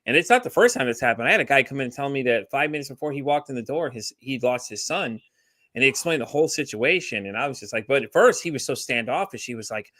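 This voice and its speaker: A man's voice: mid-range voice, animated, a bit bright, no room sound, clean studio sound. A man from Texas in a casual podcast chat, telling rambling stories and acting out quoted dialogue. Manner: fast, rambling storyteller who acts out quoted dialogue. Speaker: podcast guest.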